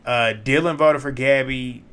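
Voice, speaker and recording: A man recapping a reality show in casual commentary, blunt, opinionated and quick to swear. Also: medium pitch, fairly even intonation, a bit bright, smooth.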